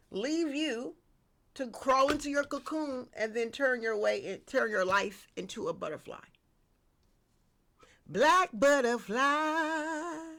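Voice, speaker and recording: A woman giving a casual spiritual tarot reading, lively and slangy, talking straight to her viewers. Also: on the high side, a little hiss or hum. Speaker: tarot reader.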